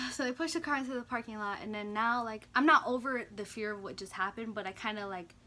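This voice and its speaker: A young woman vlogger casually telling a story, animated and slangy, full of "like" and swearing. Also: fairly high pitch, brisk, slight background noise.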